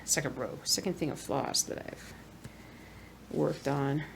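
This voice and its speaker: A woman, chatting softly and rambling as she cross-stitches. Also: deep voice, a little slow, creaky, noisy background. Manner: soft-spoken, rambling, murmurs to herself while working. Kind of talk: relaxed stitch-along chat.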